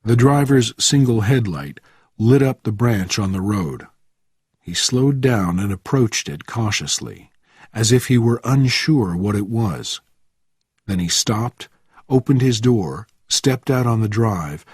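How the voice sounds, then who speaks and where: Male story reader, slow, husky, lively pitch, learner narration. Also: dry recording, studio quality. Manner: slow, expressive reading. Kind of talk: scripted narration for English learners.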